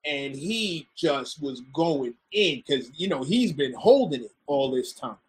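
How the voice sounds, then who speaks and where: Husky high-voiced man telling a story. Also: a little slow. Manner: animated, stammers and repeats words, swears freely. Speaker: podcast guest. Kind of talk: casual storytelling.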